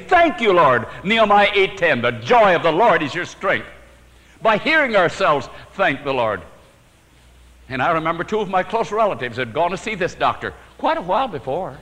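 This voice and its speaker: A man preaching a sermon, telling his own story with sudden swings from emphatic to hushed and chuckling at his own jokes. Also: sits high, big-room sound, low-quality recording.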